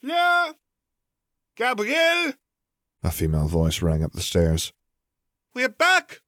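A man's voice: low voice, fast, a little mellow, dry recording, studio quality, lightly acted. A man voicing an older woman in a storybook reading, a composed mother calling out to her daughters.

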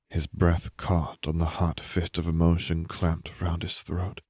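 A man narrates an audiobook in a deep, low voice, steady and measured. The recording is dry and close, with no room sound. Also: slightly rough, dry recording.

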